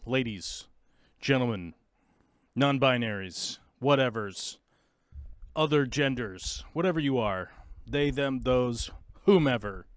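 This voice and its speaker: Kicking off his long-format podcast, a man from the United States trades in goofy live-stream-style banter full of rambling and joking asides. His medium-pitched voice moves a little slowly, in a dry, studio-quality recording.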